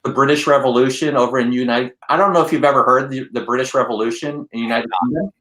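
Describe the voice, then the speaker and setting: An enthusiastic man co-hosting a casual podcast, his voice of middling pitch. He talks with eager excitement. The sound is roomy, with a clear echo around him. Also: fast. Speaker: podcast co-host.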